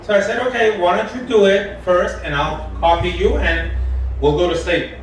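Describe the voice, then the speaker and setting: An Iranian man performing a live stand-up set in a lounge, telling deadpan stories and quoting the people in them. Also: high voice, moderate pace. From Iran. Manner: deadpan storytelling, quoting people in his jokes. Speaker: stand-up comedian. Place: comedy lounge stage. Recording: echoey room from far off, faint noise.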